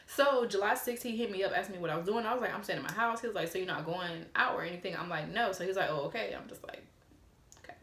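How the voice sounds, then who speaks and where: A woman's voice: medium pitch, fast talker, a bit bright. Blunt young woman, roomy echo. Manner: frank and blunt, swears freely; chatty, mimics the texts she retells. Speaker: vlogger. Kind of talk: casual storytime.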